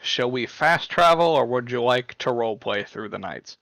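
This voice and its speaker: Man, game master, matter-of-fact, mid pitch, dry recording. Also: expressive, normal speed, a bit bright, dry recording. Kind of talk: running a tabletop game.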